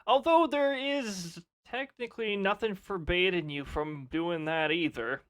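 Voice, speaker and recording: A man's voice: high voice, unhurried, fairly bright tone, smooth. A man chatting casually on a live stream, laughing often and reading off weather details.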